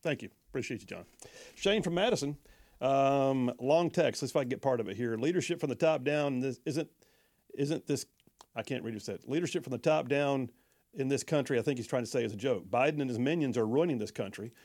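A man's voice: medium pitch, brisk, a little mellow. A man hosting a talk radio show, chatty and folksy, reading listener texts and often stumbling over his words.

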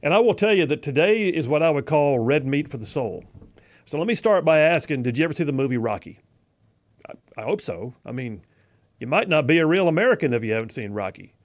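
A man's voice: a little high, sing-song, fairly quick. A middle-aged man hosting his show with an opinion monologue, folksy and emphatic, full of rhetorical questions. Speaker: radio host.

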